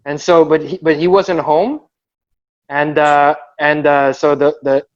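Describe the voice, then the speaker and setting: A man's voice: a little high, measured pace. A man telling a story in casual chat on a video call, rambling and acting out quotes with laughter. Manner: rambling, animated, acts out quotes with yelling and laughter. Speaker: b-boy crew member telling a story. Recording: muffled video call audio.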